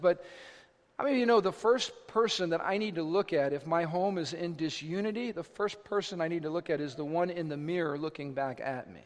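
A male pastor with a high, ringing voice preaches in an animated, dramatic way and jokes at his own expense. His words echo with a long reverb through a large hall. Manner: animated, dramatic, self-mocking humor. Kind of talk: sermon.

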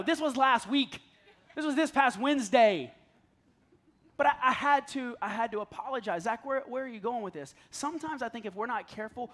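The voice is very high-pitched and fairly bright, belonging to a pastor in his thirties. He preaches in a chatty, self-deprecating style, telling stories and frequently laughing.

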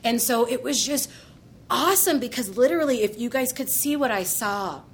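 A woman's voice: a little high, expressive, normal speed, a little hiss or hum. A woman guest speaker in an earnest, exhorting faith conversation.

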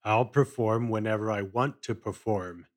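Man voicing a boastful veteran acrobat, gruff, growling, mocking, storybook reading. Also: lowish voice, moderate pace, close to an everyday voice.

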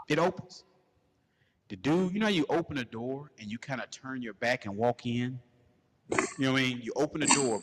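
A man hosting a podcast, telling a crude comedic story in a loose, animated way and laughing as he goes. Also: fairly low pitch. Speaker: podcast host. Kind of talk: casual comedic storytelling rant. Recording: long hall reverb.

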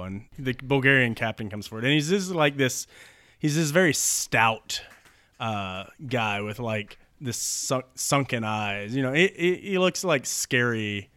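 A young man improvising a story with friends, animated and rambling, laughing often. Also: medium pitch, measured pace, smooth, no echo, studio quality.

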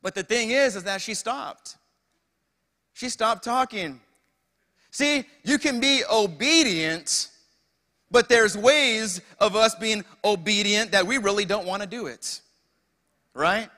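A man's voice: high-pitched, slow, long pauses, sharp tone, big-room sound. A young man preaching a sermon as pastor, calling out to the congregation with asides and rhetorical questions. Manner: preaching with call-outs to the congregation.

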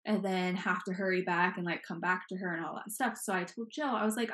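A woman's voice: lowish voice, brisk, fairly bright tone. A young woman co-hosting a podcast, telling a story in casual chat, swearing freely and filling her talk with "like". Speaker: podcast co-host.

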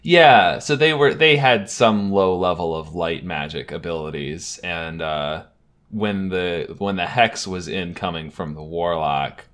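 Halting low-voiced man chatting. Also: a bit bright. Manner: halting, hesitant, trails off. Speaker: podcast co-host. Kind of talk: casual chat.

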